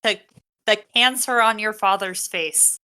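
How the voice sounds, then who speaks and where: Young woman, podcast co-host, chatty banter, bright voice. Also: mid-range voice, measured pace, smooth. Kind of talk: casual chat.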